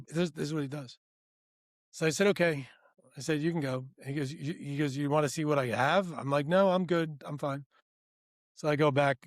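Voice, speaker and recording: A man co-hosting a podcast, telling a workplace story in a rambling, animated way. He acts out both sides of the conversation and keeps saying "right?" and "I go". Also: fairly high pitch, no echo, studio quality. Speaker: podcast co-host. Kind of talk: casual storytelling.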